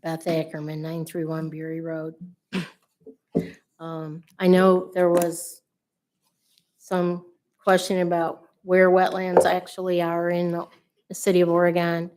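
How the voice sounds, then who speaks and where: A woman's voice: lowish voice, monotone, takes it slowly, pauses often, darkish tone, slight background noise. A woman giving public comment at a city council meeting, earnest and polite, with hesitant fillers. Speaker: resident speaking at public comment. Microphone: podium microphone.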